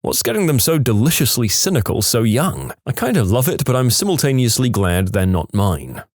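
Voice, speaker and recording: A man reading stories aloud with a dry, deadpan delivery. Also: medium pitch, normal speed, no echo. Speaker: story narrator.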